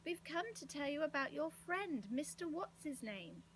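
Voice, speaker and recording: Woman reading as a calm patient kid, firm and clear. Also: sits high, normal speed, a little hiss or hum, pitched above the performer's own voice. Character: patient young boy, sensible.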